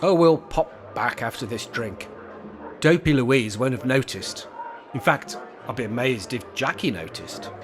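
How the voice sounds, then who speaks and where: A man's voice: medium pitch, animated, a little slow, background noise. A man playing a cantankerous pensioner in a comedy sketch, grumpy, sarcastic and bossy. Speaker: cantankerous old pensioner character.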